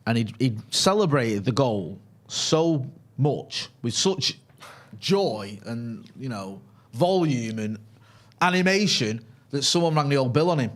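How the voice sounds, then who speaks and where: A young man co-hosts a relaxed live fan stream at a mid-range pitch. He tells stories easily and keeps checking in with "right?". His voice sits right in the middle, neither high nor low. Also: a little slow. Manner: chatty storyteller, tags lines with "right?". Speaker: co-host of a fan channel. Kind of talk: casual live-stream chat.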